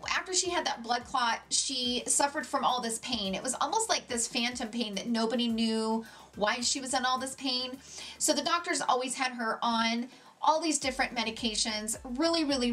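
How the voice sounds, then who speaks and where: A woman's voice: fairly high pitch, bright, forceful tone. A middle-aged woman vlogger answering viewer questions in a casual, earnest and heartfelt way. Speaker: beauty vlogger.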